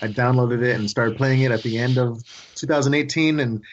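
A man on a podcast panel, chatting in a relaxed, easygoing way. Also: medium pitch, a little fast, slight background noise. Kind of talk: casual chat. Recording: muffled online call audio.

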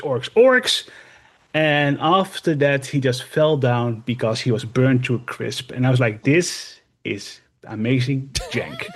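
A man co-hosting a casual podcast, telling game stories in a rambling, animated way with lots of fillers. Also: fairly high pitch. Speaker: podcast co-host and streamer. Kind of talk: casual chat.

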